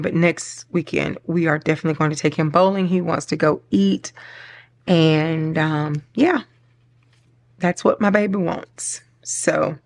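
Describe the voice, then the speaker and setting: A woman's voice: lowish voice, gravelly. A middle-aged woman chatting casually and rambling while she decorates her planner, laughing often and getting choked up. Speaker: planner vlogger.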